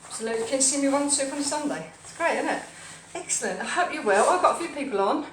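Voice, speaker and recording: A woman's voice: high voice, animated, quick pace. A woman hosting a live home cooking stream, rambling cheerfully and chatting to her pets and viewers. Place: home kitchen, indoors. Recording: echoey kitchen, from a distance, faint hum.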